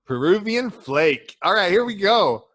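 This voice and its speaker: A man co-hosting a podcast, chatting crudely and swearing constantly as he tells animated stories. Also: high voice, unhurried. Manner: profane, swears constantly, calls listener "dude"; animated storyteller, acts out quotes. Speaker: podcast co-host. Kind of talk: crude casual chat.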